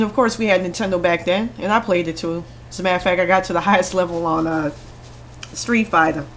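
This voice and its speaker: A woman's voice: mid-range voice, a bit bright, a little hiss or hum. A woman vlogger delivering an angry, heavily profane rant straight to camera, blunt and confrontational. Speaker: vlogger responding to critics.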